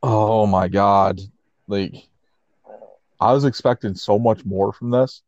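A laid-back man co-hosting a podcast, his voice sitting low. He laughs easily and leans on "like" as he talks. The sound is dry and a bit muffled and lo-fi. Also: takes it slowly, a little mellow, no echo. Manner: laid-back, laughs often, peppers speech with "like". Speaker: podcast co-host. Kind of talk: casual chat recapping wrestling. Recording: muffled lo-fi audio.

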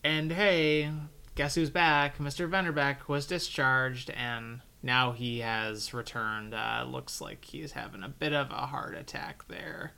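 A man co-hosting a casual podcast, retelling scenes in an animated, exasperated way. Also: medium pitch, slow, creaky, clean tone. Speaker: podcast co-host. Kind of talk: casual chat.

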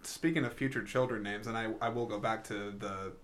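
A man's voice: fairly low pitch, fairly even intonation, brisk, a bit bright, a little hiss or hum. A young adult man hosting a casual podcast chat, rambling with frequent restarts. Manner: rambling, lots of likes and restarts. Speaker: podcast host.

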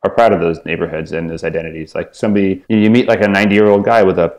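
A man with a very low, deep voice talks things through in a relaxed podcast chat. He speaks as an author guest, thoughtful and rambling, leaning on "you know" and "like" as he works toward his point. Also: rapid-fire. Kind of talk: casual podcast conversation.

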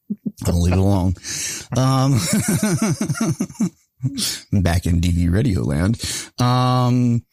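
Slow, low-voiced male podcast host. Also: a little mellow, dry recording, clean studio sound. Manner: loose, profane, laughs often. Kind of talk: casual podcast chat.

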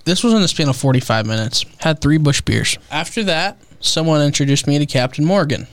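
A man's voice: a little high, brisk, dry recording. A man co-hosting a podcast, telling casual stories in a laid-back way and swearing freely. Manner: laid-back, profane storyteller. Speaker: podcast co-host. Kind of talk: casual chat.

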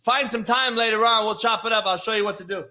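Brash high-voiced sports show host. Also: male voice, quick pace, bright, forceful tone, slight background noise. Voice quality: profane, brash, rambling. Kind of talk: casual sports talk.

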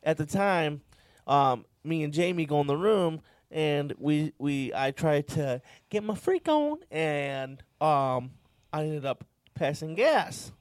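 A man's voice: fairly high pitch, expressive, slow pace, no room sound, clean studio sound. A young man telling a long, rambling, profane story in casual chat, laughing as he goes.

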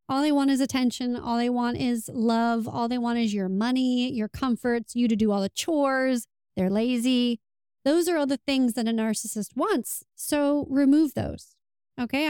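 A woman with a smooth, somewhat high voice talks through relationship advice in a casual, earnest monologue. She slips into quoted lines to make her points. The sound is close and dry. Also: darkish tone, dry recording.

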